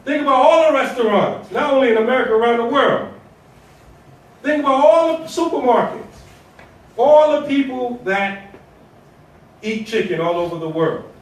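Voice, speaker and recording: A man's voice: very high-pitched, expressive, moderate pace, pauses often. A man giving a Friday sermon as imam, preaching in a colloquial, conversational way with rhetorical questions and repetition. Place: mosque prayer hall. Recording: echoey hall, voice from far off.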